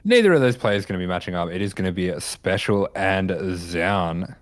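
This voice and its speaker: A man casting a live esports match in a relaxed, dry and informative way. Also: deep voice, moderate pace, no room sound. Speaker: esports caster. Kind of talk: casual live game commentary.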